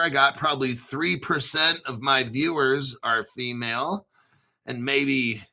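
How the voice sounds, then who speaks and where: A foul-mouthed man in his fifties hosting a crypto livestream with a rambling, ranting delivery. His voice is somewhat high for a man and has a piercingly bright, tense edge. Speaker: crypto channel host. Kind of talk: profane livestream rant.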